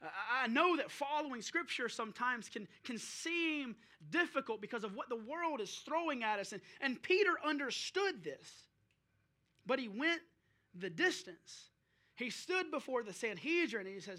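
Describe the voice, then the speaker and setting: Pastor, male, high bright tenor, preaches in rising rhetorical questions. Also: sing-song, normal speed. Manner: preaching with rhetorical questions and drill-call shouts. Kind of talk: sermon.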